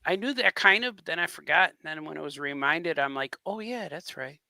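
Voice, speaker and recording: Brief: man, co-host, gravelly and bright, dry mic, quick agreeing asides. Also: on the high side, expressive, no echo. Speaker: podcast co-host. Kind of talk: casual chat.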